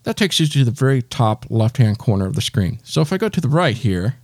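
A man's voice: mid-range voice, big pitch swings, brisk, darkish tone, no echo, clean studio sound. A man hosting a step-by-step tutorial, patiently talking the listener through each gesture. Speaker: tech tutorial host.

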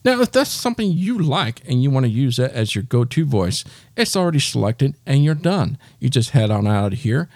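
A man's voice: medium pitch, sing-song, normal speed, a little mellow, no room sound, clean studio sound. Patient man walking through phone settings. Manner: patient, reassuring, talks the listener through each gesture. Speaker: tech tutorial host. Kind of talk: step-by-step spoken tutorial.

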